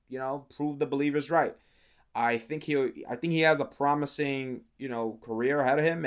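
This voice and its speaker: Excitable young man talking football. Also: medium pitch, clean tone. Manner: enthusiastic, stumbles and restarts often. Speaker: sports show host. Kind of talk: casual sports talk.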